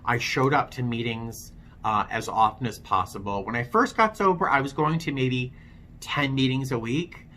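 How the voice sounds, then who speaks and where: Frank, bright-voiced man telling his story. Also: medium pitch, normal speed, slight background noise. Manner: frank, self-deprecating, conversational with many fillers. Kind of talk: candid personal storytelling to camera.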